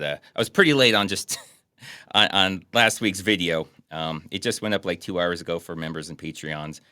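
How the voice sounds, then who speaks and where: Young guy hosting a movie chat, low-ish bright voice, dry sound. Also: no echo. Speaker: podcast host. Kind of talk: casual chat reviewing a movie.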